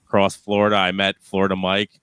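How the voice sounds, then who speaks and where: Bright, crisp-voiced excitable podcast host. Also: male voice, deep voice, fairly quick, dry recording. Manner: excitable, swears, teasing banter. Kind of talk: casual chat.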